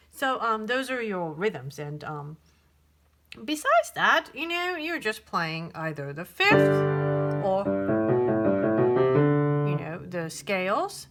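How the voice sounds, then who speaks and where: A woman's voice: medium pitch, sing-song, slow, pauses often, sharp tone. A woman teaching piano, patiently counting beats and singing rhythms, with many ums and restarts. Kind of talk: piano tutorial. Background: piano playing.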